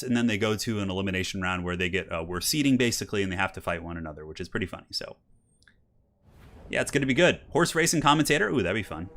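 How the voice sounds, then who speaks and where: A man's voice: lowish voice, a bit bright. A young man casually commentating a strategy game tournament on a live stream, chatting with viewers and reacting to the replays. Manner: chatty, upbeat, reads and answers chat.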